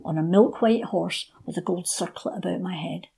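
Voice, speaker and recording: A woman voicing an enchanted young man who longs to be freed from the fairies, in a hushed, solemn telling. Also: fairly low pitch, moderate pace, gravelly, slightly rough, exaggerated voice.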